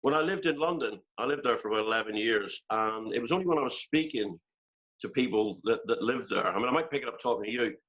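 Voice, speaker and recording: A man's voice: mid-range voice, lively intonation, fast, fairly bright tone. Man, older, Northern Irish accent, rambling, self-deprecating, dull call sound. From Northern Ireland. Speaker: guest musician. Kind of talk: casual interview over video call. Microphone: video call.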